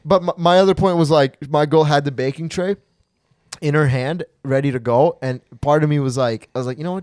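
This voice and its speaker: Young male podcast host, crude animated storyteller, dry close sound. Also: on the high side, a little fast, dry recording. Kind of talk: casual podcast chat.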